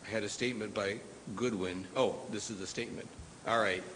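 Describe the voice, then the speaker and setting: A middle-aged man preaching a sermon in a slow, deliberate way, rising to stress key words. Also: fairly low pitch, fairly even intonation, fairly bright tone, slight background noise, rough recording. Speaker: pastor.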